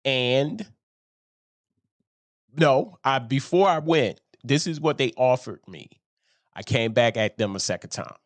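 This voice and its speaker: A man speaking in a slow, unhurried way, rambling casually and chuckling at his own lines. His voice sits at a middling pitch. It was recorded close and dry, with no room echo. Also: expressive. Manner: slow, rambling, laughs at himself. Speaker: show host. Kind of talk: casual storytelling monologue.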